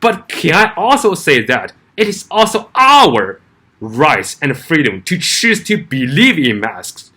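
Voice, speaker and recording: A man's voice: a little high, huge pitch swings, takes it slowly, pushed and bright. A man delivering an argumentative opinion vlog, firing off rhetorical questions and often restarting his words. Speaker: commentary vlogger.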